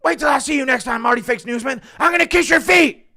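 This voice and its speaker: A man putting on an impression of a loud, brash male fighter who shouts high-pitched taunts. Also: quick pace, heavily acted. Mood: taunting.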